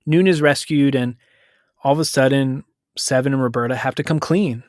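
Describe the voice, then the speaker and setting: A man from the United States with a medium-pitched, darkish voice hosts a podcast, casually recounting a story with self-corrections and rapid paraphrased quotes. The recording is dry and studio-clean.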